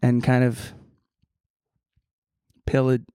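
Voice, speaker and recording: A man's voice: medium pitch, monotone, very slow, mellow, clear, resonant tone, no echo, studio quality. A man co-hosting a casual podcast, joking around in goofy banter. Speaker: podcast co-host. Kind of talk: casual chat.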